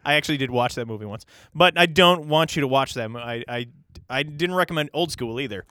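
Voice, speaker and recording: A man's voice: medium pitch, a little fast, pushed and bright, smooth, dry recording, studio quality. A man hosting a podcast, playing the exasperated straight man in a casual comedic chat. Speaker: podcast host.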